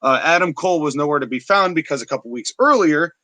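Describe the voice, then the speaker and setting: A fairly high, bright male voice that tells a story in an animated, chatty way. The sound is dry and close, with no room echo. He is hosting a casual podcast recap. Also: fast. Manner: animated, chatty, with filler words. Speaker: podcast host. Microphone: live-stream setup.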